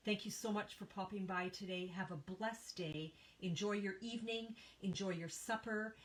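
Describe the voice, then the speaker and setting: The audio is poor as this Canadian woman, speaking in a mid-range voice at normal speed, runs a live papercraft stream from home. She reads out viewers' names and chats casually, pausing to cough from a tickle in her throat.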